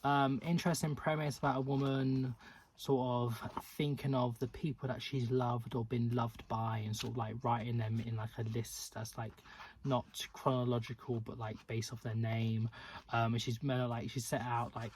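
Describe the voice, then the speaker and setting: A man's voice: medium pitch, flat delivery, normal speed, a little mellow, a little hiss or hum. A man reviewing books in a casual vlog, blunt and catty, chatting with lots of fillers. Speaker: book reviewer.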